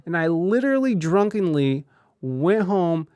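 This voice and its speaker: Guy on a podcast telling a raw story, cussing a lot, kinda high voice, dry mic. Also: big pitch swings, measured pace, a little mellow, clear, resonant tone, no echo. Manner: candid, profane, laughs often through the story. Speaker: podcast host. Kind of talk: casual storytelling.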